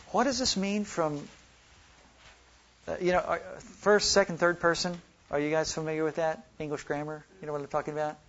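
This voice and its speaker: Teaching a Bible study workshop, a man from Oklahoma and Texas drags out single words for emphasis as he reads scripture. His pitch is fairly high and the audio sounds dull.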